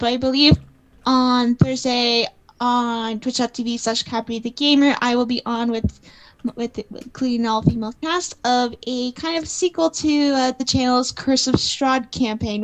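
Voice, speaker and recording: A woman's voice: on the high side, rough recording. A woman who is a guest player and streamer, chatting casually and repeating herself while plugging her channel.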